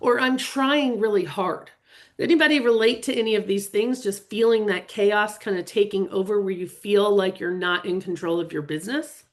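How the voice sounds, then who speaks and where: A woman's voice: medium pitch, a little fast, hardly any pauses. A middle-aged woman coaching real estate agents in a live webinar, earnest and openly emotional as she talks to viewers.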